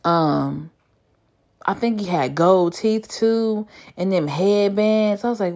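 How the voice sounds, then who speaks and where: A woman in her thirties telling a story in a chatty, animated way and swearing freely. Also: medium pitch, slow. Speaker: vlogger. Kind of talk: casual storytime monologue.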